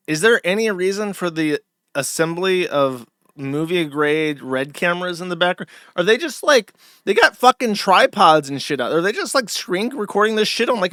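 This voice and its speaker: A man's voice: sits high, pushed and bright, dry recording, clean studio sound. A man hosting a livestream, ranting and swearing in casual commentary. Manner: profane, ranting. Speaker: stream host.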